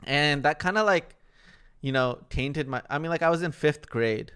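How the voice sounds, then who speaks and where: A man's voice: on the high side, moderate pace, sharp tone, clear, resonant tone. A young man co-hosting a podcast, telling stories in a rambling, casual way full of fillers. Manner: rambling, filler-heavy storytelling. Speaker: podcast co-host. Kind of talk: casual chat.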